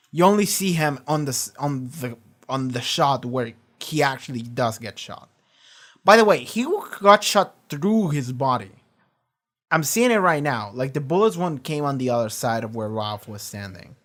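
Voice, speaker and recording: A man reacts casually and with energy from a home streaming setup, rambling, swearing frequently, and restarting his sentences. His mid-range voice stays unhurried.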